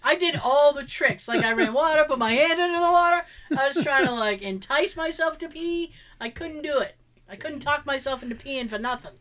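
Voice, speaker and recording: A woman's voice: high-pitched, fairly quick. A woman telling a story in casual chat, acting out the voices of the people in it and laughing often. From Belgium. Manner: animated, acts out quotes, laughs often.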